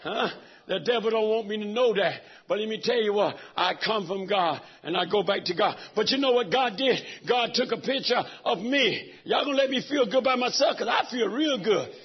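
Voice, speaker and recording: Raspy high-voiced man preaching fervently. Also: moderate pace, hardly any pauses, highs cut off. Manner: preaches fervently, swinging from soft talk to shouts. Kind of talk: sermon. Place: church sanctuary.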